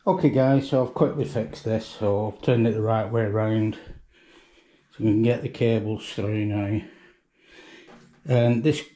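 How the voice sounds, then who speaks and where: A man's voice: on the low side, fairly even intonation, a little slow, warm tone. A man vlogging in a chatty, joking, self-mocking way, recorded on his phone. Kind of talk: casual vlog chat.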